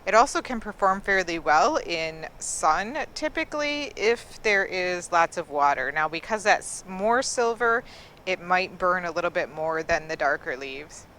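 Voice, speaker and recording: A woman's voice: lowish voice, animated, unhurried, a bit bright, a little hiss or hum. A woman giving a casual, enthusiastic tour of an outdoor garden, admiring the plants in a chatty way. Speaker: gardening vlogger.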